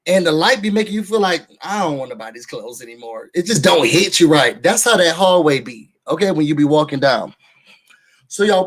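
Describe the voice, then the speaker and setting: Sassy young guy spilling tea on a reality show, kinda high voice. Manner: sassy, gossipy, talks straight to viewers. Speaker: show reviewer. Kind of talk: casual recap commentary. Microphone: desk microphone.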